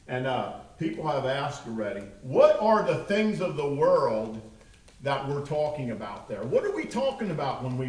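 A man teaching a Bible lesson to a small group, earnest and halting, often restarting his sentences. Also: medium pitch, a little mellow. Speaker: preacher.

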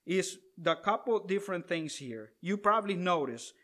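A man's voice: high voice, expressive, fairly bright tone. A man preaching a sermon, reading a scripture passage aloud and breaking off for asides to the congregation, drawing out stressed words. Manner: reads scripture aloud then adds asides, drawn-out stresses.

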